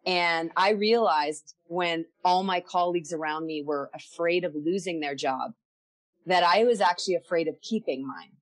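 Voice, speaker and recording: A woman's voice: lowish voice, normal speed. A woman as a podcast guest, telling her own story candidly and reflectively, often repeating words as she gathers her thoughts.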